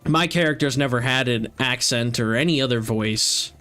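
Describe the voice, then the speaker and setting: A young man chats casually while streaming a game, rambling through his thoughts with a steady stream of filler words. His pitch sits in the middle of the range for a man. Faint game music plays underneath. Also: moderate pace.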